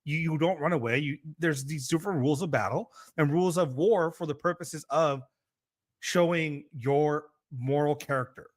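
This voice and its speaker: A man co-hosting a casual talk, often stopping and restarting his sentences. His voice sits a little high and sounds dry. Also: normal speed, dry recording. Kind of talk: casual discussion.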